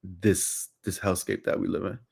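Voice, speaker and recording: A man's voice: low-pitched, flat delivery, normal speed, vocal fry, darkish tone, breathy edge. A middle-aged man speaking as a podcast guest in casual chat, passionate, repeating phrases for emphasis.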